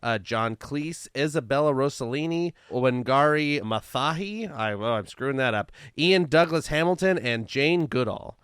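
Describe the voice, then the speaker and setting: A man's voice: medium pitch, animated, unhurried, hardly any pauses, fairly bright tone, clear, resonant tone, no echo, clean studio sound. A man co-hosting a podcast, chatting casually and reading out a history segment, and laughing at himself as he goes. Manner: chatty, laughs at himself, reads lists of dates. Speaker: podcast co-host.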